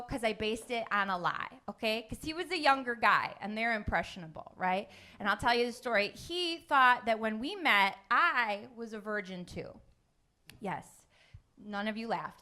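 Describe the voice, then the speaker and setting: Sarcastic high-voiced woman doing stand-up. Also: bright, forceful tone. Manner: sarcastic, crowd-teasing, punchy delivery. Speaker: stand-up comedian. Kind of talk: stand-up comedy set. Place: comedy club stage.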